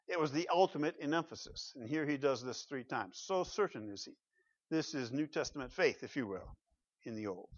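Preacher with a dull lo-fi sound. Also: male voice, animated, moderate pace, dry recording. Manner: swings from loud emphatic declarations to low asides; asks the congregation rhetorical questions. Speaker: pastor. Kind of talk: sermon. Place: church.

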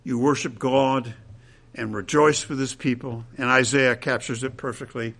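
A man's voice: medium pitch, fairly even intonation, normal speed, gravelly, a bit bright. A man preaching a sermon in a conversational way, dropping asides and checking in with his listeners.

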